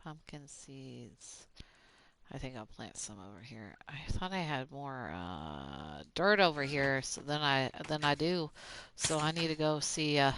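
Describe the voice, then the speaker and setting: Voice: medium pitch, expressive, a little slow, a bit bright, slight background noise. A streamer with a Southern country accent, chatting casually while playing a game and talking to things in it. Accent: Southern US, Oklahoma-Texas country. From Southern United States. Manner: rambling, talks to the game as they play. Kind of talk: casual gaming commentary.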